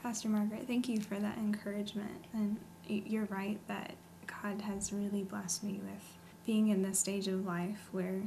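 A soft-spoken woman shares her faith testimony in a flat, level voice. Her tone is sincere and earnest, with a faint hiss running behind her. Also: mid-range voice, normal speed, creaky, hardly any pauses. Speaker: guest sharing testimony. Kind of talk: personal testimony.

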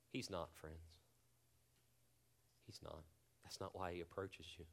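A man preaching a sermon as pastor, earnest and deliberate, often dropping to a hushed near-whisper for emphasis, and leading a prayer. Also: sits low, fairly even intonation, creaky. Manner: leads a spoken prayer.

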